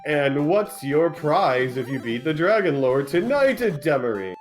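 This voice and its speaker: A man's voice: fairly high pitch, very animated, a little slow, soft background music. Joking laid-back male co-commentator. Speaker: tournament co-commentator. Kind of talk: esports color commentary.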